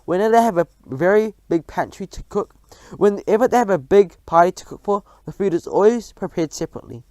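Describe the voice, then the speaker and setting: A man reading a storybook aloud, voicing a calm, determined old grandmother who speaks firmly and properly. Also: high voice, brisk, dry recording, pitched above the performer's own voice.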